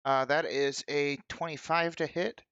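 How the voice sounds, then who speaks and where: A man's voice: a little high, fairly even intonation, a little slow, a bit bright, smooth, dry recording, dull audio. A man casually running a tabletop game as game master, explaining rules with joking asides.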